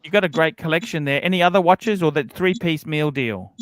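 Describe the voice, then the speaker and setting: A man's voice: fairly high pitch, fairly quick, a bit bright, dry recording. A man hosting a casual livestream, asking blunt questions and swearing freely. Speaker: livestream host.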